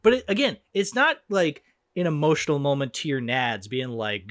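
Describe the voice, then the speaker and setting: A young man hosting a casual movie podcast, animated and swearing a bit, acting out lines as he goes. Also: fairly high pitch, moderate pace, hardly any pauses, no room sound, studio quality. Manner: animated, swearing, acts out quotes. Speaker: podcast host. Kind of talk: casual movie review chat.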